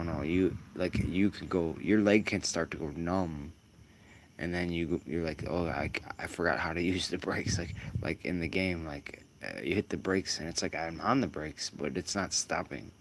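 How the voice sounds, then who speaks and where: Deep-voiced man rambling over sim racing. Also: slight background noise. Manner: rambling, filler-heavy musing. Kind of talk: casual gameplay commentary.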